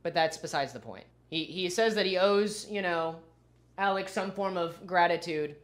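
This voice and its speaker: A man's voice: sits high, normal speed, fairly bright tone. A man livestreaming his reaction to a video, arguing his point and answering his chat. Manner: argumentative, talks back to chat. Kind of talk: casual livestream commentary.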